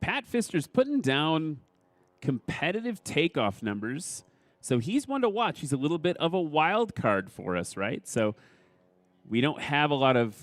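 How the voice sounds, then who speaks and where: A man's voice: on the high side, very animated, measured pace, no room sound. A man in his forties giving enthusiastic live play-by-play commentary at an air competition. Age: 40s. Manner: enthusiastic, chatty.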